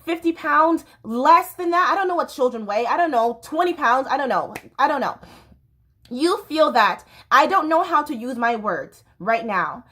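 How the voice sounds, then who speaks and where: Woman podcast host with a high voice, speaking solo in a heated, rambling casual monologue. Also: lively intonation, moderate pace, a bit bright. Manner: impassioned, rambling, self-interrupting. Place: home near a train line.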